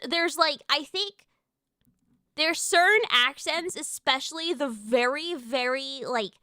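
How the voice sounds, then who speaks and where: A young woman from the US chats on a live stream in a high, bright, smooth voice. She rambles excitedly and keeps restarting her sentences. The sound is dry and close to the mic. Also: no room sound. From United States. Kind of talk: casual live-stream chat.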